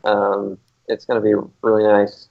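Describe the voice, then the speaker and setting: A gravelly man with a voice on the low side speaks a little slowly as he co-hosts a podcast. It's a rambling, excitable casual chat peppered with "uh" fillers, captured in dull lo-fi sound.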